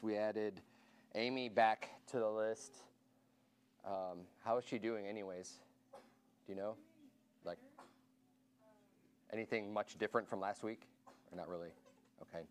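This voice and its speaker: Pastor, male, low smooth voice, chatty announcements, quizzes the congregation. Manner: informal, asks the room questions and counts hands. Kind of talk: casual church announcements to a congregation. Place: church meeting room.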